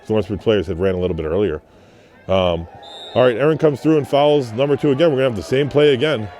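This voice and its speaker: A man's voice: mid-range voice, fast talker, darkish tone, a little hiss or hum. A man calling play-by-play on a local soccer game, chatty, breaking off to coach and explain. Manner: conversational, with coaching asides. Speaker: play-by-play commentator. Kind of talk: local sports commentary. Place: high up above a field, outdoors.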